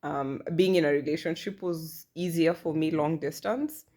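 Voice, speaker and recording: A woman's voice: sits low, moderate pace, a little mellow. A woman in her thirties talking candidly in a personal vlog, chatty and self-deprecating. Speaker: vlogger.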